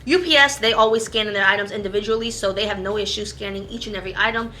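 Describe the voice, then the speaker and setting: Fast-talking bright-voiced woman vlogger. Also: medium pitch, a little hiss or hum. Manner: fast-talking, chatty, self-aware about speed. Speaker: online shop owner. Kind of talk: casual explainer vlog.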